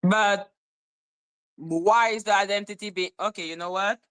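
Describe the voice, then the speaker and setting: A woman's voice: medium pitch, steady tone, unhurried, fairly bright tone, clean tone. A woman hosting a casual livestream, reading court documents aloud and bantering with her chat. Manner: chatty, muttering while reading, bantering with chat. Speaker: livestream host.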